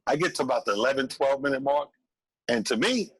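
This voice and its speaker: A man, a comedian telling an animated story on a call-in show, acting out voices. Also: mid-range voice, fast talker, breathy edge, dry recording, poor audio. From Brooklyn, New York. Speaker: comedian guest.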